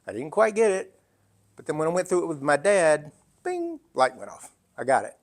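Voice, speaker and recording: Animated older man with a fairly high voice. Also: normal speed. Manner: animated, conversational, with frequent asides and restarts. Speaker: entrepreneur giving a talk. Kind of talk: storytelling business talk.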